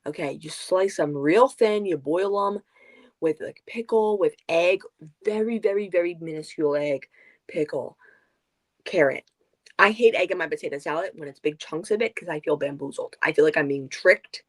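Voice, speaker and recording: A woman co-hosting a book club livestream, chatting casually and going off on rambling, animated tangents. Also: fairly low pitch, moderate pace. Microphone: video call.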